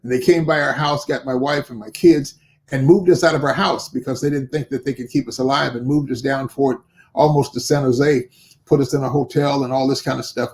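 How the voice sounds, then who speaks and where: An older man, a bishop and pastor, telling a story in an interview and acting out the dialogue of the people in it. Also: medium pitch. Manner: animated storyteller who acts out quoted dialogue.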